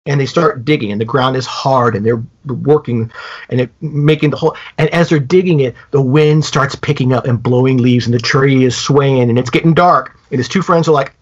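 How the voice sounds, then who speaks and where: A man co-hosting a podcast, retelling a story in a casual, animated way with many halting restarts. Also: medium pitch. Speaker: podcast co-host. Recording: dull lo-fi podcast audio.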